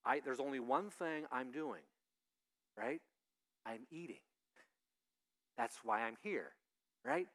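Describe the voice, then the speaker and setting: A male pastor giving a conversational sermon, lively and acting out the voices he quotes. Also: mid-range voice, slow, creaky, pauses often. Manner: animated, acts out quoted voices.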